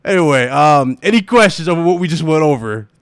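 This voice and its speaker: A male livestream host in casual chat, animated and profane, often breaking into laughter as he rants to his viewers. His voice sits a bit high for a man and sounds dry and close to the mic. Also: fairly quick, clear, resonant tone, dry recording.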